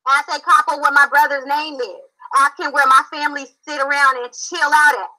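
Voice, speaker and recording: A woman's voice: high-pitched, little pitch movement, brisk, bright, forceful tone, rough recording. A woman from Philadelphia on a live-stream call, confrontational, emphatic and repeating herself. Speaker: panel guest.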